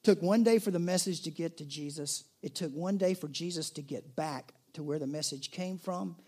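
A man's voice: fairly high pitch, normal speed, dark tone. A man pastor preaching a sermon in a conversational, storytelling way, with restarts and asides.

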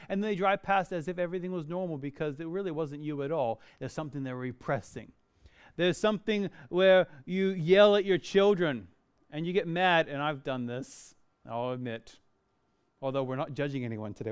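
A man's voice: high voice, clear, resonant tone. A middle-aged male pastor preaching a sermon, earnest and dynamic, with self-deprecating humor.

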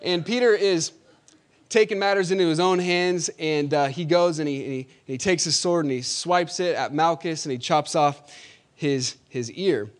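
Male preacher, slightly raised pitch; emphatic, slows on key lines, calls out to the congregation. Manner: swings between loud emphatic declaring and quieter storytelling. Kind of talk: sermon.

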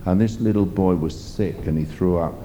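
A man's voice: deep voice, moderate pace, warm tone, a little hiss or hum. A man preaching a sermon, emphatic and rambling as he tells stories. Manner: emphatic, rambling storytelling with fillers.

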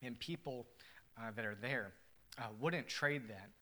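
A male pastor preaching a sermon in an earnest, emphatic way, moving between quiet reflection and loud emphasis. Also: medium pitch, unhurried.

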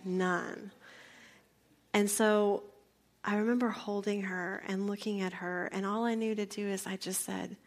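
Slow, gravelly-voiced woman preaching softly. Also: medium pitch, fairly even intonation. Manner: intimate, often dropping to a soft whisper. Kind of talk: sermon with personal story and prayer.

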